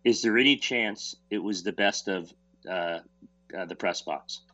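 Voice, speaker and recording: A man's voice: on the low side, unhurried, bright, forceful tone, no room sound, highs cut off. A man co-hosting a sports radio show from a remote line, wry and casual. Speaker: radio co-host.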